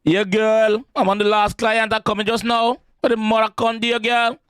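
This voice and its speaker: Man doing a high, sing-song Trini barber calling his girl; bouncy, put-on accent, dry sound. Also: level tone, normal speed, a bit bright, clear, resonant tone, dry recording. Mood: teasing.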